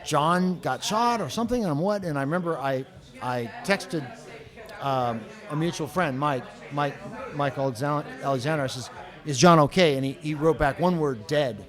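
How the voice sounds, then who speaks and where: Guest guy rambling through his story, kinda high voice, keeps restarting. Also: normal speed, crowd noise. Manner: rambling, many restarts and fillers. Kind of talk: telling a personal story.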